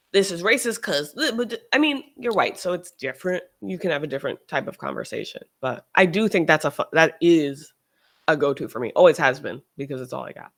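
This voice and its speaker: Host, casual livestream chat, animated, sarcastic, mid-pitched voice, frequent restarts. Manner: animated, sarcastic, shifts into mocking quoted voices; restarts and trails off mid-sentence.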